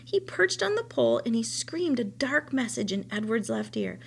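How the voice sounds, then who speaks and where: A woman teacher reading a children's novel aloud, telling the story in a steady, expressive way. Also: a little high, moderate pace, gravelly, slight background noise.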